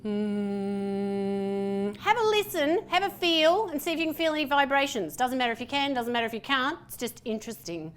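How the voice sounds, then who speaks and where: A slightly high-voiced woman running a group voice workshop. She is lively and playful, and she counts breaths slowly while cueing every step of the exercise. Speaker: voice workshop presenter. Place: room with a participating group.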